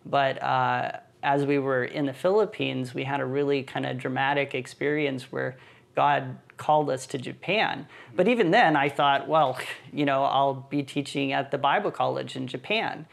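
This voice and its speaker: A man who is a missionary and church planting team leader, telling his story in a relaxed, easygoing way on a podcast. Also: mid-range voice, normal speed, vocal fry. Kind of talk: casual podcast conversation.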